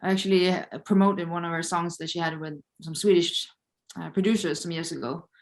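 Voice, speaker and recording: A woman's voice: fairly low pitch, fairly even intonation, fairly quick. A woman as a podcast guest, talking in an easygoing, casual way. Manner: easygoing, many "like" fillers. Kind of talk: casual interview.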